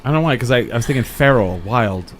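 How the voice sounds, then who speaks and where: Jokey male podcast host, lively pitch. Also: fast, a loud crowd. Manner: jokey, acts out voices in quotes. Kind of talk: casual podcast chat. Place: studio with air conditioning running.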